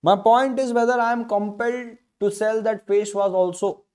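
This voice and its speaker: A man's voice: high-pitched, fairly even intonation, normal speed, hardly any pauses, a little mellow, clear, resonant tone. A man with an Indian English accent teaching a law lecture online, repeating key phrases with emphatic, rhetorical questions. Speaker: law tutor.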